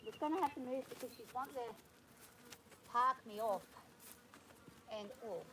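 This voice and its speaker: A woman vlogging from horseback on her farm, talking nervously and gently soothing her horse. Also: a little high, normal speed, background noise. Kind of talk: casual spoken vlog.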